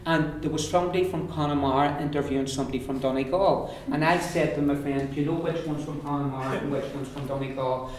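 A man with an Irish accent teaching an Irish language class, repeating words slowly for learners to copy. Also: fairly high pitch, steady tone, background noise. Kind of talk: classroom lesson. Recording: echoey room, recorded from a distance.

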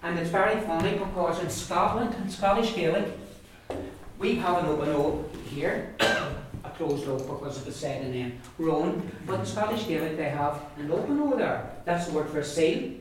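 A man's voice: a little high, normal speed. Ulster man teaching pronunciation in an echoey classroom. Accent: Ulster Irish English. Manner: drills words aloud, modelling each sound carefully. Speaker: language teacher. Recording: echoey room, mic far off, faint noise.

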